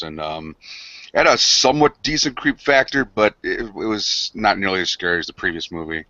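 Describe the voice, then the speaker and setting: A blunt, crude-talking man co-hosts a casual podcast. His voice is very low but has a bright, forceful edge. The sound is dry and lo-fi. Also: animated, brisk, no echo. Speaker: podcast co-host. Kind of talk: casual chat.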